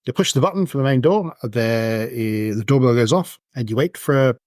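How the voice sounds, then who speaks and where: A man's voice: medium pitch, moderate pace, a little mellow, no echo. Male game master, mid voice, dry close mic, rambling casual narration. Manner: rambling, filler-heavy description.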